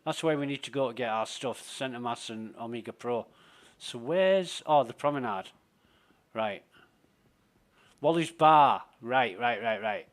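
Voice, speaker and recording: A man's voice: medium pitch, unhurried. A man, streaming a game live and giving rambling, profane, sardonic commentary.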